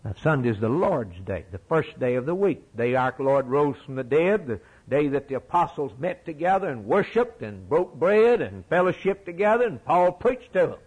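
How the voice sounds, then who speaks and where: A man's voice: fairly high pitch, big pitch swings, normal speed, hardly any pauses, a little mellow, husky, poor audio. A middle-aged man preaching a sermon in a folksy, emphatic way, repeating his key phrases.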